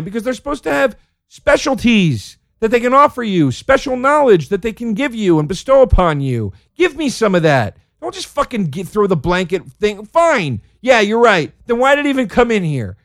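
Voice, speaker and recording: A man's voice: high-pitched, very animated, moderate pace, vocal fry, no room sound, clean studio sound. A man hosting a podcast, ranting in a casual comedic monologue with plenty of swearing and exasperation. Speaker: podcast host.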